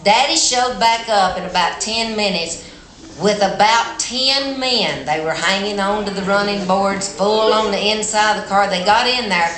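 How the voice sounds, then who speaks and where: A middle-aged woman with an Appalachian accent telling a tale live on a festival stage, folksy, animated and plainspoken. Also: mid-range voice, moderate pace. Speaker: storyteller. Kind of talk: live storytelling performance. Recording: echoey hall with background noise.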